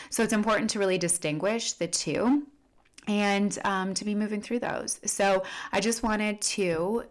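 A woman's voice: medium pitch, steady tone, normal speed. A woman coach talking casually to her followers, full of "like" and "you know" fillers. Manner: upbeat sign-off to followers. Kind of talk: casual teaching monologue.

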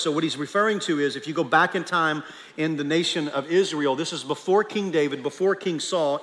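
A man with a high voice preaches to his church, emphatic and insistent, doubling back on words as he drives a point home. His voice rings out with a long reverb through a large sanctuary. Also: pushed and bright. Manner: emphatic, repeats words when stressing a point. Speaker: pastor. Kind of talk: sermon.

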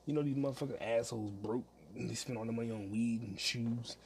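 A man's voice: medium pitch, fast, a little hiss or hum. A young man hosting a solo podcast from home, ranting with heavy profanity and frequent laughter. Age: young adult. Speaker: podcast host. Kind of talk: casual solo podcast rant.

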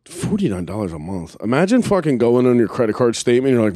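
A man's voice: medium pitch, big pitch swings, fast talker, hardly any pauses, dark tone, no room sound, clean studio sound. A man hosting a podcast in casual, profane, rambling chat, blunt and crude. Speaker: podcast host.

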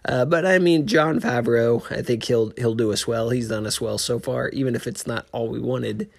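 A man hosting a casual solo podcast, talking in a rambling, excitable way with frequent restarts. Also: medium pitch, moderate pace, creaky. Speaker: podcast host.

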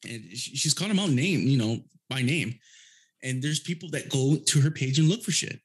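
A man's voice: mid-range voice, a little fast, breathy edge. A young adult man talking as a podcast guest, laid-back and rambling, swearing freely and leaning on fillers. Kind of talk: casual chat.

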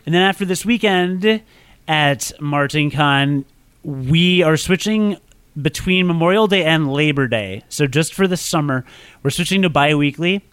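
Man, podcast host, rambling, self-deprecating, slightly high voice, dry close mic. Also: a little slow, a bit bright, clear, resonant tone, no room sound. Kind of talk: casual podcast chat.

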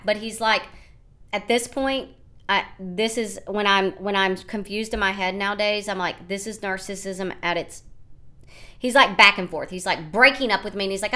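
A woman in her thirties from the United States, hosting a podcast and telling a personal story in an animated, rambling way, often quoting what others said. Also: mid-range voice, unhurried. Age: 30s. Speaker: podcast host. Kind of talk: casual storytelling monologue.

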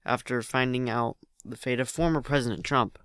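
A man's voice: mid-range voice, steady tone, moderate pace, a bit bright, clear, resonant tone, no room sound, clean studio sound. A man narrating a story aloud in a plain reading voice, with frequent slips and restarts.

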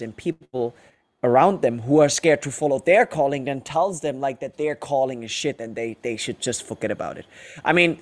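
A man's voice: medium pitch, darkish tone. A man whose first language is German, hosting a podcast, who rambles and leans on filler words. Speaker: podcast host. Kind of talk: casual interview chat.

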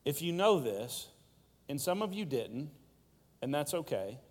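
A man's voice: on the high side, very animated, measured pace, long reverb tail. A male pastor preaching a sermon with rhetorical questions and playful asides.

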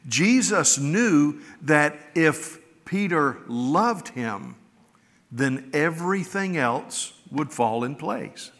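A man's voice: fairly high pitch, big pitch swings, very slow, a bit bright. A middle-aged man preaching a sermon as a pastor, telling stories in a folksy, earnest, conversational way. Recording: long reverb of a large hall.

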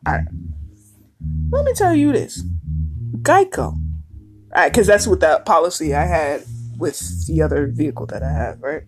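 A woman's voice: sits low, huge pitch swings, a little slow, pauses often, music in the background. A woman hosting a podcast, talking casually in a blunt, swearing, emphatic way. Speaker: podcast host. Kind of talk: casual monologue.

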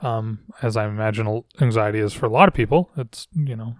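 A man's voice: on the low side, brisk, no room sound, clean studio sound. A man hosting a podcast, telling personal stories in a rambling, self-reflective way with frequent restarts. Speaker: podcast host. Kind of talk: casual storytelling monologue. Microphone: podcast microphone.

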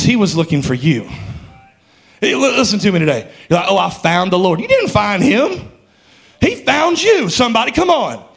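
A male pastor preaching a sermon with passion, building to shouts and calling out to his congregation. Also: high voice, gravelly.

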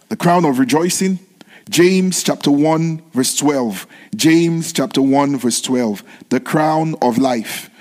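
A man's voice: fairly high pitch, a little mellow. A male preacher delivering a sermon in a slightly raised voice, leaning on repetition and calling out to his listeners for a response. His voice rings with the long reverb of a large hall.

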